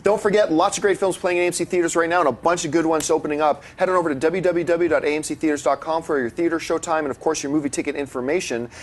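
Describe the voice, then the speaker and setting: Male talk-show host, quick and chatty, voice sitting a bit higher than most men's, acts out the people in his stories, casual panel conversation. He keeps things moving briskly. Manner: animated, acts out dialogue in his anecdotes. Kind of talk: casual chat and storytelling.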